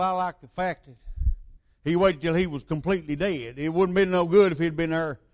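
An older preacher gives a sermon in a fairly high voice, telling the story loosely with many asides and rhetorical questions aimed at his listeners.

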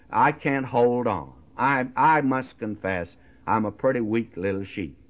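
A middle-aged man preaching a radio sermon in a folksy, conversational way, often pausing with "uh" and "my friend". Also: mid-range voice. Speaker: radio Bible teacher. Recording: tinny phone-like radio broadcast.

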